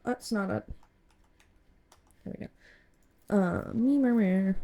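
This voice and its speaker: A woman's voice: medium pitch, slow pace, pauses often, warm tone. A woman streaming a game live, reacting in a playful, crude, casual way.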